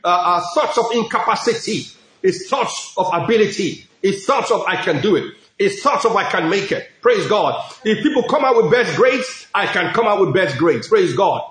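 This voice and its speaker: A man's voice: high voice, expressive, normal speed, a bit bright. A middle-aged man preaching a sermon as a pastor, speaking emphatically and repeating phrases, with frequent cries of praise. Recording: echoey room.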